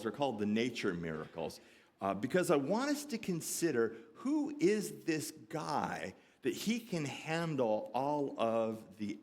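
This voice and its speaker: A pastor preaching a sermon, conversational and animated, often acting out the voices of the people in the story and asking the congregation questions. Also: male voice, medium pitch. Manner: animated, acts out quoted voices of disciples.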